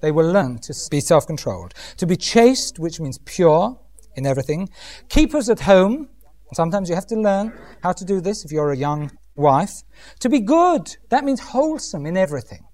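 Guy preaching, swoopy up and down voice, jokey, does little impressions. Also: on the high side. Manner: lively, humorous, mimics voices. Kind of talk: sermon.

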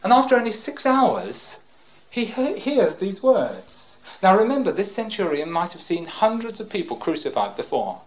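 An older man preaching a fervent sermon and reading scripture aloud. His pitch leaps and falls all over the place, and he breaks in with praise. He swings between ringing cries and near-whispers. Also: huge pitch swings, moderate pace, low-quality recording. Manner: fervent, interjects praise, swings from loud cries to hushed tones.

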